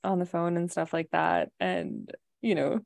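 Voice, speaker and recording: A woman's voice: fairly low pitch, very animated, a little slow, gravelly, a little mellow. A woman from Canada chatting on a podcast, telling a story in a rambling way, full of "like" and "right?". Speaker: podcast co-host. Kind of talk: casual chat.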